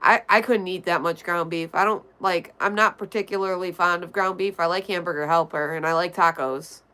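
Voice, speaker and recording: A woman's voice: on the low side, fairly even intonation, brisk, pushed and bright, smooth. A woman streamer reading her chat aloud and answering it bluntly and offhandedly, vaping between remarks. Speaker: livestreamer. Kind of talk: casual chat reading viewer comments.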